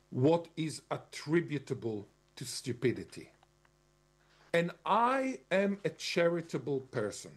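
A man giving an argumentative lecturing monologue, stressing key words and spelling out terms. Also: on the high side. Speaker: commentator.

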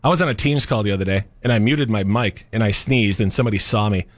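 A man's voice: on the low side, fast, no echo. A young man co-hosting a casual chat, wryly grumbling and complaining for laughs.

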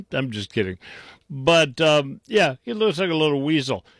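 Male radio host, mocking, combative, slow drawl, dry studio sound. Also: a little high, sing-song, dry recording. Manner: mocking and combative, with many restarts. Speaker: radio talk show host. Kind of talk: talk radio commentary.

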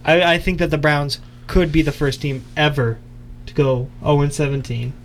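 A young man co-hosts a college radio sports show in an easygoing, chatty way. His voice sits a little high for a man. A faint noise floor hangs under the studio recording. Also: fairly even intonation, moderate pace. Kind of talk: casual sports radio chat.

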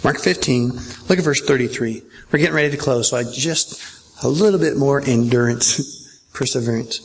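Gravelly-voiced pastor preaching a sermon. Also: male voice, mid-range voice, normal speed, slight background noise. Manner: conversational, checks in with listeners. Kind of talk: verse-by-verse sermon.

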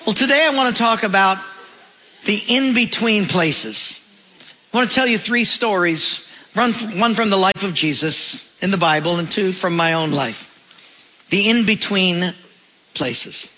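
A man with a high, bright voice preaches a sermon. He tells humorous anecdotes with lively timing and acts out the characters in his stories. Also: measured pace, slight background noise, low-quality recording. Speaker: pastor.

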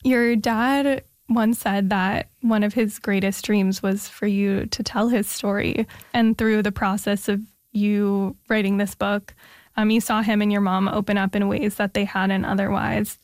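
A woman's voice: medium pitch, little pitch movement, measured pace, darkish tone, dry recording, clean studio sound. A woman hosting an interview, asking attentive, thoughtful questions. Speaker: interviewer host. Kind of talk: conversational interview.

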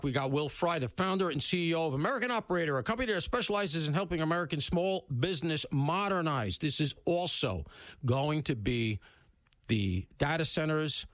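A man hosting a talk radio show, talking bluntly and casually, with loud emphatic bursts and low asides. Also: expressive, fairly quick, dry recording. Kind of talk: opinionated talk radio monologue. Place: radio studio.

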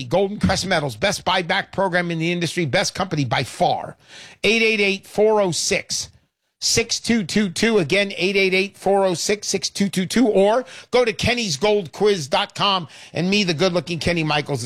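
A man hosting a call-in show, pitching with brash, hard-selling talk and lots of repetition. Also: animated, moderate pace, fairly bright tone, no echo, clean studio sound. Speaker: radio show host.

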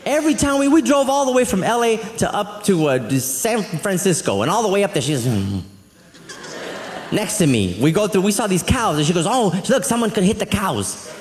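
A man doing a live stand-up routine, telling stories with an animated, exasperated delivery. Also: high voice, brisk. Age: adult. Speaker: stand-up comedian. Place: comedy club stage. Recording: reverberant hall, faint audience.

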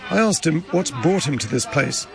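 A man delivering a measured, grave field report from a refugee camp outdoors. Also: on the high side, animated, creaky. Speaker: correspondent. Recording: crowd and street noise around.

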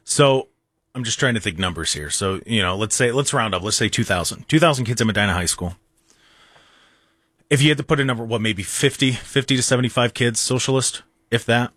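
A man's voice: mid-range voice, a little fast, a bit bright, no room sound, studio quality. A young man hosting a talk radio show, bantering and joking with heavy sarcasm. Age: young adult. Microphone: studio microphone.

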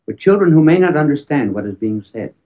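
A man giving a talk on public speaking, telling an anecdote with emphatic rises and sudden quiet drops. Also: on the high side, sing-song, fairly quick. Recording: tinny phone-like band, old archive recording.

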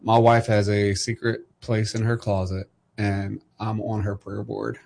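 A man's voice: fairly low pitch, flat delivery, measured pace, gravelly, a little mellow, slight background noise. A middle-aged man hosting a talk, reflecting earnestly on faith and family. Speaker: podcast host. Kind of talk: casual podcast conversation.

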